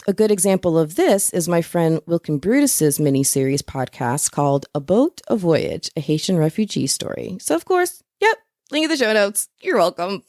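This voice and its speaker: A woman's voice: lowish voice, a little mellow, no echo, clean studio sound. A woman hosting a solo podcast, talking through show formats in a chatty way and laughing at her own asides. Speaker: podcast host. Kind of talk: solo podcast teaching episode.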